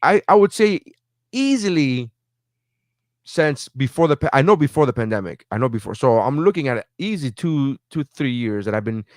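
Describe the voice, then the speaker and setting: A man's voice: mid-range voice, lively intonation, moderate pace, no echo, studio quality. A man co-hosting a podcast, telling a story with lots of swearing and acted-out phone calls. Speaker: podcast co-host. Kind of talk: casual podcast chat.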